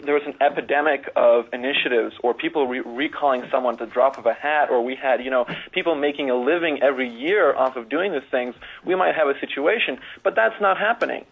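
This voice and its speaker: A man's voice: medium pitch, fairly quick, vocal fry, hardly any pauses, husky. A man giving frank, plain-spoken testimony at a legislative hearing. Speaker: public testifier. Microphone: telephone. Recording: tinny phone line.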